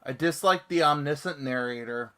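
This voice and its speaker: A man's voice: fairly high pitch, normal speed, a bit bright. A man hosting a casual comics chat show and reading viewer comments aloud. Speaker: podcast host.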